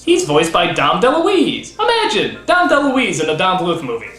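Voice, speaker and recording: A man's voice: sits high, huge pitch swings, moderate pace, fairly bright tone, echoey room. Guy ranting and swearing in a funny movie review, voice all over the place, music in the background. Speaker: host. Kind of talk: comedic film review.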